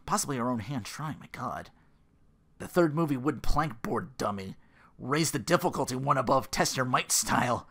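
A man giving a casual, rambling episode recap, swearing freely and quick to laugh. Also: mid-range voice, fairly bright tone. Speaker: show recap host.

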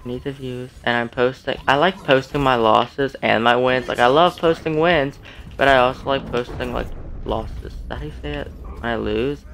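Gravelly young man narrating gameplay. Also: medium pitch, moderate pace, slight background noise. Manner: excitable, self-deprecating, rambling. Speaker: gaming streamer. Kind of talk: casual gameplay commentary.

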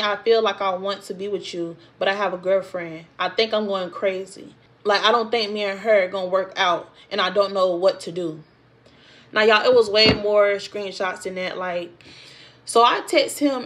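A young woman with speech tells her own storytime straight to her viewers. Her delivery is animated and conversational, and she jumps into the voices of the people in her story. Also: mid-range voice, normal speed. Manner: animated, acts out quotes of others in the story. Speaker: storytime vlogger. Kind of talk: casual storytime.

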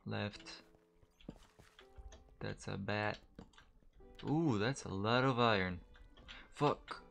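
A man's voice: lowish voice, drawn-out words, vocal fry, fairly bright tone, faint music behind. A man giving casual, chatty let's-play commentary while he games, joking at himself and swearing when startled. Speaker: gamer. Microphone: desk mic, gamer wearing headphones.

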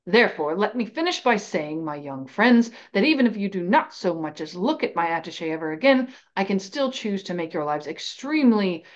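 A menacing male wizard professor, as a woman reader puts him on. He issues threats in a slow, low, deliberate hush, cold and imperious rather than loud. The recording sounds a little dull and lo-fi. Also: close to an everyday voice.

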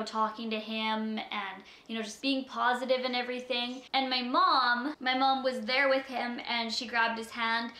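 Young woman vlogger, soft-spoken, bright tone, roomy echo, unscripted. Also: on the high side. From Canada. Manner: soft-spoken, halting, many fillers. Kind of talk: unscripted personal vlog.

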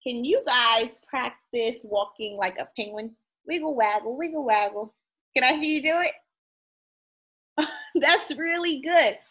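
A woman's voice: sits high, takes it slowly, long pauses, fairly bright tone, husky. A woman teacher reading a picture book aloud to young children, playful and sing-song, drawing out the sound words and asking them questions.

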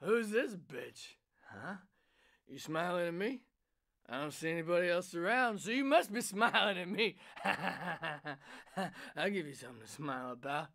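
A man playing a brash, crude, boastful cyclist turned president, shouting improvised rants for a cartoon. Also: high-pitched, animated, unhurried, gravelly, exaggerated voice. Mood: crude taunting.

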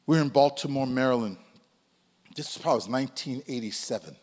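A pastor in his sixties preaching a sermon, swinging between loud calls and hushed asides. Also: mid-range voice, brisk, in a large hall. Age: 60s. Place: church sanctuary.

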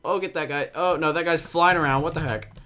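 A young man giving excitable, jumpy commentary on a game, with a slight cough and frequent yelps and laughs. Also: a little high, fairly quick. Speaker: gaming commentator. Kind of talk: casual Minecraft gameplay commentary.

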